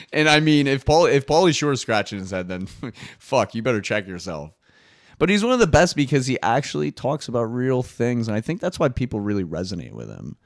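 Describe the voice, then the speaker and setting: A man's voice: mid-range voice, no room sound, clean studio sound. A young man hosting his own podcast, rambling casually in a solo monologue, swearing freely and laughing at his own jokes. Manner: rambling, profane, laughs often. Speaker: podcast host.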